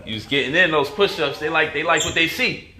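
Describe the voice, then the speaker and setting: A man's voice: fairly high pitch, brisk, sharp tone. A man hosting a casual home cooking vlog in his kitchen, playful and teasing as he coos at his baby daughter. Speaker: cooking show host.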